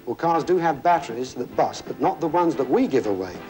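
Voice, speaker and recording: A man's voice: a little high, expressive, a little fast, hardly any pauses, darkish tone, poor audio. A man hosting a television game show, chatty and jokey, talking to contestants and a studio audience. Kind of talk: upbeat studio presenting.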